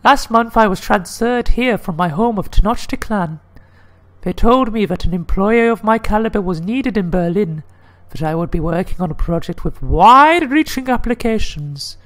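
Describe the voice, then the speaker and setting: A man voicing a nervous woman corporate executive from a video game in a high falsetto lady voice, with her fear held under composure. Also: animated, moderate pace, fairly bright tone. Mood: grave.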